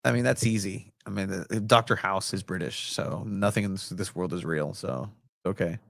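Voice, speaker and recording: A man's voice: sits low, steady tone, moderate pace, gravelly, a bit bright, dry recording, clean studio sound. A young man co-hosting a casual sports podcast, rambling with lots of fillers and jokes. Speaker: podcast co-host and soccer reporter.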